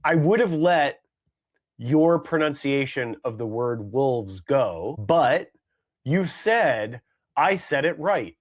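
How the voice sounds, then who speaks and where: A man's voice: mid-range voice, lively intonation, slow. A man co-hosting a casual comedy podcast, rambling along with hedges, fillers and repeated phrases. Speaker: podcast co-host.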